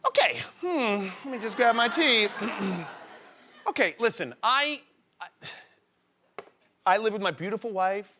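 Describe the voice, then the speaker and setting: A man's voice: high voice, lively intonation, slow, long pauses, pushed and bright. A man guest-hosting a talk show, telling self-mocking jokes with plenty of laughter. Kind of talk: joking talk show banter. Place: television studio. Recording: studio audience and noisy broadcast audio.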